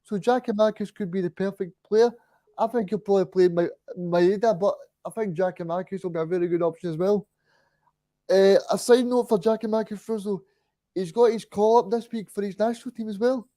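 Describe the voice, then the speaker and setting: A man's voice: sits high, a little fast, mellow, no room sound. A man joining a podcast as a guest, chatting about football in a hesitant way with many fillers and restarts. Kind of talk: casual football chat.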